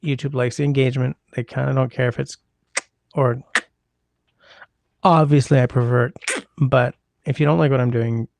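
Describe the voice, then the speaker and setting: A man hosts a casual livestream, reading chat on a close mic and rambling with wry asides to viewers. His gravelly, middle-pitched voice is a little mellow, and the sound is dry and close with no echo.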